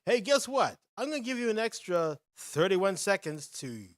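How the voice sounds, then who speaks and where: Hosting his podcast's quiz segment, this young man sounds high-pitched and expressive at a normal speed. He's upbeat and announcer-like, calling out the answer options and what each player picked, humming to fill the waits. The audio is studio-clean, without room sound.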